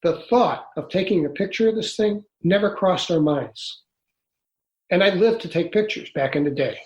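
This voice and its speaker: The recording is muffled and echoes roomily as this older author, in his sixties, shares his story as an interview guest. His voice sits high and is a little mellow, slightly raised, and his telling is earnest and halting with many restarts.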